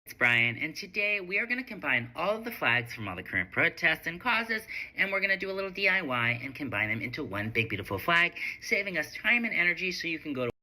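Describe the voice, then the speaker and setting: A man putting on a mincing, chirpy crafts vlogger who chatters in a sing-song, effeminate lilt. The voice leaps up and down and rings very bright and sharp. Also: fairly high pitch, big pitch swings, quick pace, few pauses, heavily acted, low-quality recording.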